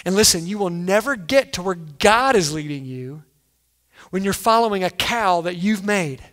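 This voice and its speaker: A man preaching a sermon as pastor, animated, acting out quoted lines and punching key words loudly. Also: sits high, normal speed. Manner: animated, acts out quotes, sudden loud emphasis.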